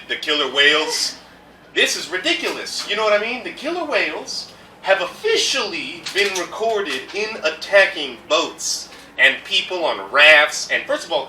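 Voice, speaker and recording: A man rambles through an improv rant in a very bright, cutting voice at an ordinary pitch for a man. He is recorded from across a reverberant room, and a faint hiss sits under the sound. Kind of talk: live improv comedy. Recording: echoey room from far off, faint noise.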